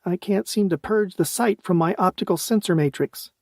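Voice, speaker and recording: A man voicing a sarcastic female starship AI with deadpan, teasing delivery. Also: sits high, moderate pace, no echo, studio quality, voice pushed up.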